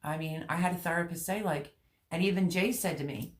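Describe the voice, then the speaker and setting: A middle-aged woman hosting a gardening channel, chatting candidly and emotionally with her viewers, rambling with many pauses. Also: on the low side. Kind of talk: personal vlog chat with live viewers.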